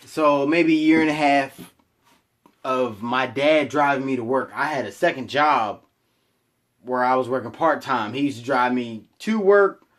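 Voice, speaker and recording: A man's voice: mid-range voice, unhurried, a bit bright. A young man telling a personal story to his camera in a rambling, profane, self-mocking way. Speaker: vlogger.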